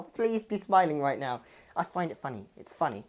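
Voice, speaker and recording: Brief: female cooking host, low voice, chatty, fond of corny jokes. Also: big pitch swings, moderate pace, a little mellow. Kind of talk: casual cooking demonstration.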